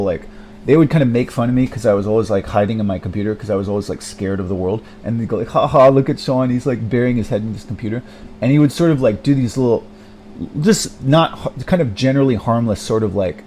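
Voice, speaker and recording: A hesitant young man with a medium-pitched, dark voice rambles alone in a personal vlog monologue, with a little hiss or hum in the background. He uses many fillers and restarts, runs himself down, and swears often.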